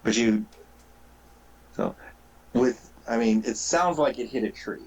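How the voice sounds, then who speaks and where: A man narrating a tabletop game as game master, casual and halting, with frequent fillers and restarts. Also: mid-range voice, darkish tone, breathy edge, poor audio.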